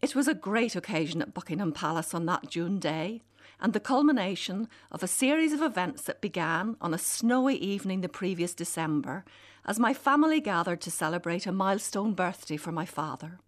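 A middle-aged woman reading her own personal essay aloud, in a wry, animated storytelling manner. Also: on the low side, fairly quick.

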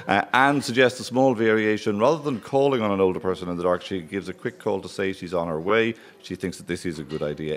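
A deep-voiced Irish man hosts a live radio chat, his tone jokey as he reads out messages and nibbles food on air. His speech is loose and playful, with a very low voice at its core. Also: brisk. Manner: jokey, eating while talking. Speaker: radio host.

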